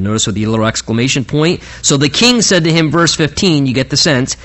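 Conversational preacher who stammers and restarts. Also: male voice, fairly high pitch, expressive, fairly quick, hardly any pauses, fairly bright tone. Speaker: pastor. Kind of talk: sermon, Bible teaching.

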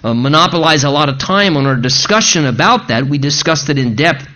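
A male pastor preaching an expository sermon, slowing down deliberately when he reads scripture aloud. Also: fairly high pitch, expressive, sharp tone. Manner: slows to read scripture aloud.

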